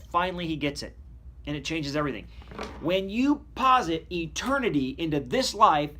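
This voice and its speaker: A man preaching a devotional sermon, reading verses aloud and then explaining them in a conversational way, moving between emphatic lines and low, quiet asides. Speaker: pastor.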